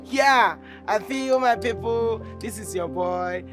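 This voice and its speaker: A brash young Nigerian bricklayer chasing online fame, his voice pitched high for a man as he hypes up his fans. Music plays clearly behind him. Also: slow pace. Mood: hyped. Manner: hyped, loud addressing fans, pleading with boss. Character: brash young male bricklayer and content creator. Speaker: bricklayer who makes skits.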